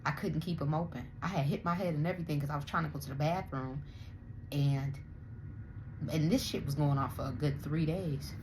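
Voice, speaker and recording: A young woman with a slightly low voice rants to her viewers in casual vlog commentary. She talks bluntly and swears freely, with plenty of animated emphasis. A faint hum of room noise sits behind her. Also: brisk. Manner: blunt, profane, animated ranting. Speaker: vlogger commenting on other creators.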